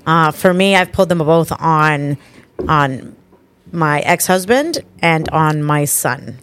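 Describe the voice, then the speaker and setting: A middle-aged woman co-hosting a casual podcast chat, telling stories with loud acted-out quotes, big laughs and lots of swearing. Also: sits low, expressive, slow pace, slight background noise. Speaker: podcast co-host. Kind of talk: casual chat, animated storytelling.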